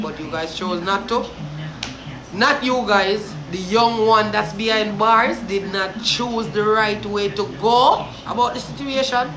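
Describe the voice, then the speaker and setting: A woman's voice: reverberant, noisy background. Heated Jamaican woman ranting. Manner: cursing, heated, swings from low grief to shouting. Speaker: vlogger. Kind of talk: ranting commentary.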